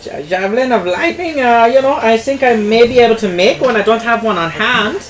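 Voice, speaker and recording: A man's voice: extremely high pitch, animated, fairly quick, roomy sound, noisy background, pitched above the performer's own voice. A man voicing a friendly male magic shopkeeper in a tabletop game, with folksy, upbeat sales patter.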